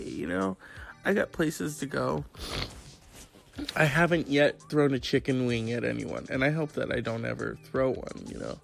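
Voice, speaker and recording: A man's voice: mid-range voice, normal speed, gravelly, faint music behind. A man vlogging in a casual, profane, rambling rant.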